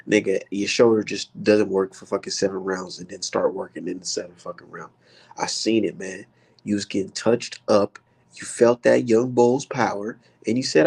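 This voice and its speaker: A man's voice: on the low side, vocal fry, breathy edge. A man giving a heated, profanity-filled boxing rant on his vlog. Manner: heated, animated, swears constantly. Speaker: boxing vlogger. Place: indoors, maybe art studio.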